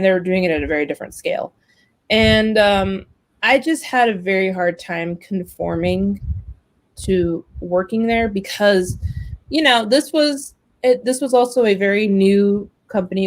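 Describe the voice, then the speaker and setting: A woman's voice: mid-range voice, moderate pace, poor audio. A woman hosting a casual web talk show, telling a long story about job hunting, chatty and full of fillers. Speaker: host. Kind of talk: casual chat.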